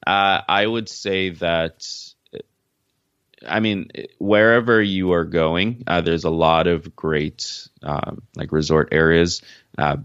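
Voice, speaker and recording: A man from Jamaica talks as an interview guest in a frank, easygoing way. His voice sits extremely low. The recording is dry and a little dull. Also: steady tone, slow pace, a bit bright, clean tone, no room sound. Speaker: podcast guest. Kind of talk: casual interview answers.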